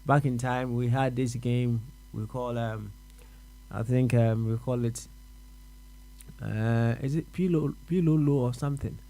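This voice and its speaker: A man with a Ghanaian accent hosting a radio question-and-answer show, musing aloud, repeating words and answering himself with soft uh-huhs. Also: medium pitch, steady tone, unhurried. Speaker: radio host. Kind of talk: reflective radio talk.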